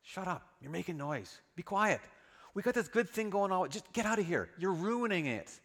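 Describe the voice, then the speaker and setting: Preacher acting out a dismissive crowd man, raised and higher-pitched, in an echoey hall. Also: sing-song, moderate pace, a bit bright, exaggerated voice. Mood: scornful. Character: scornful crowd of male followers.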